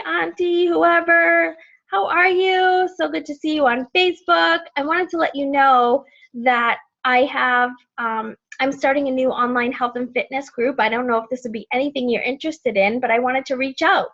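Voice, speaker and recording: Woman coach, high voice, chatty and animated, casual training talk on a dull lo-fi line. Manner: chatty, animated, acts out bright friendly messages. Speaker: team coach leading a training call. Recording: dull lo-fi sound.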